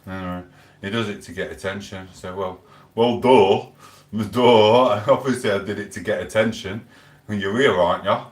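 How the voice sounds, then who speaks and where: Rambling man, low voice. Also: steady tone, fairly quick. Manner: chatty, rambling, storytelling with lots of quoted back-and-forth. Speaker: live streamer. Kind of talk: rambling live stream chat. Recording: echoey room, voice a bit far from the mic.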